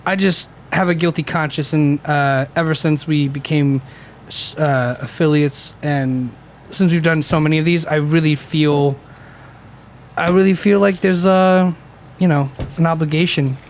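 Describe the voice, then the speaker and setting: Upbeat dude hosting a beer podcast, kinda higher voice, jokey, faint hiss. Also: male voice, fairly even intonation, unhurried. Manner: upbeat, joking, talks to chat viewers. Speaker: podcast co-host. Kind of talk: casual chat, greeting live viewers.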